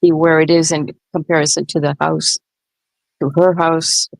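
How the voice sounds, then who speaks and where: Gravelly low-voiced woman co-host, asks lots of questions, dry sound. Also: little pitch movement, moderate pace, dry recording, poor audio. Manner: questioning, agreeable. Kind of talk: casual true-crime commentary.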